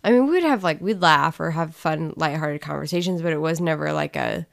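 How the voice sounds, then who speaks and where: A woman with a low voice and a gravelly edge tells her own story in a loose, candid way. She rambles through it with feeling, in an easygoing spoken conversation. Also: a little fast. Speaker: co-host sharing her story. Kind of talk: casual testimony chat.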